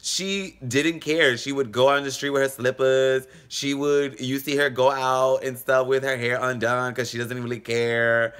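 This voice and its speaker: A man vlogging, telling funny stories in a casual, animated, joking way. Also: measured pace, few pauses, smooth. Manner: animated, jokey, swings in pitch. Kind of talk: casual storytelling.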